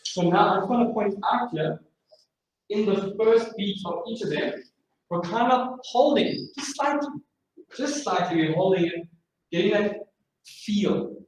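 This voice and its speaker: A man's voice: high voice, unhurried. A man teaching a drumming masterclass, encouraging his students and singing out rhythms with syllables. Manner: encouraging, sings out rhythms with vocables. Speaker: drumming instructor. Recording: far-off mic, very echoey room, faint noise.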